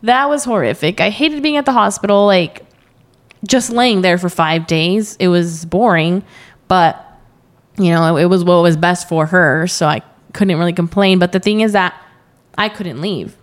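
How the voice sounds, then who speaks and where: A woman's voice: lowish voice, moderate pace. A young adult woman chatting as a podcast guest, telling a story with lots of quoted asides and frequent laughter. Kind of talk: casual interview chat.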